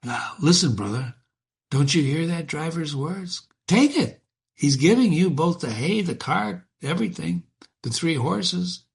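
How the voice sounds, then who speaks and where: Male reader as a grasping, wheedling church official, eager, pitch climbing and falling. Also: animated, unhurried, creaky. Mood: scheming. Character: greedy scheming male summoner.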